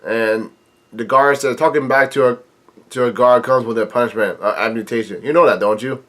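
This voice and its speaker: A man with a stuffy nose, casually reading manga panels aloud in a halting way, adding blunt remarks as he goes. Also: medium pitch, steady tone, a bit bright. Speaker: manga reaction video host. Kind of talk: casual read-along commentary.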